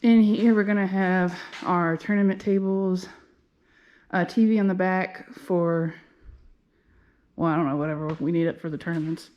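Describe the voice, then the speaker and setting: A vlogger who owns a game lounge gives a casual, upbeat walking tour of an empty commercial unit, thinking aloud as she moves through it. Her voice sits at medium pitch, and the highs in the recording are cut off.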